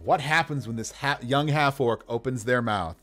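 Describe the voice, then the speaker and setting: A man's voice: mid-range voice, normal speed, a bit bright, faint music behind. A man running a casual livestream as game master, rolling dice to build characters, talking to viewers with enthusiasm and frequent laughter.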